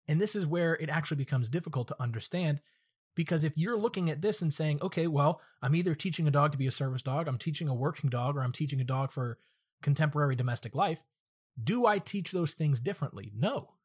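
A man's voice: fairly high pitch, animated, fairly quick, slightly rough. A man hosting his own podcast as a dog trainer, teaching and telling stories in a direct, earnest monologue. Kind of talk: solo podcast monologue with storytelling.

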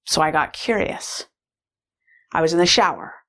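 Woman, slightly low voice, candid reflective personal testimony, fillers and restarts. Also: moderate pace, a bit bright. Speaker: course participant sharing a personal story.

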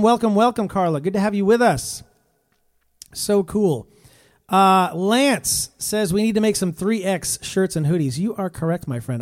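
A man's voice: sits high, a little mellow. A man hosting a casual live stream from his home on a phone, chatting and reading out viewer comments.

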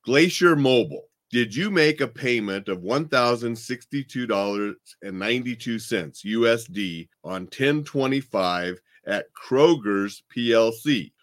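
A man's voice: medium pitch, lively intonation, measured pace, few pauses. A man hosting a casual chat, telling stories in a blunt, plainspoken way from his home desk. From Montana, United States. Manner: plainspoken, blunt, chatty storytelling. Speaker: host.

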